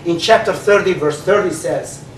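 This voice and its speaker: A man with a Turkish accent, a native Turkish speaker, giving an animated debate speech full of fillers and restarts. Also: high voice, a little hiss or hum. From Turkey. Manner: animated, halting with many fillers. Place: large hall. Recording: echoey hall recorded from far off.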